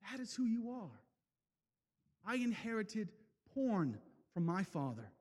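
A man preaching an impassioned sermon, swinging from loud declarations to hushed, slow passages. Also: high voice, sing-song, big-room sound. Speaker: speaker at a men's event.

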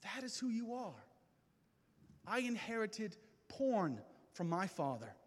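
A man preaching a personal testimony in a high, lively voice that swoops between hushed and ringing. He takes his time, leaning on long dramatic pauses, and his words carry a long echo through a large hall. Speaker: speaker at a men's gathering. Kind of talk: testimony sermon. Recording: reverberant hall.

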